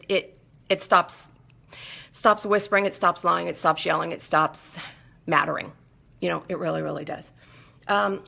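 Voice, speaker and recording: A woman's voice: mid-range voice, creaky, sharp tone. A woman hosting a live talk, speaking emphatically and often checking in with her listeners. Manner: emphatic, keeps checking in with okay and right. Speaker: host. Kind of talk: casual live monologue.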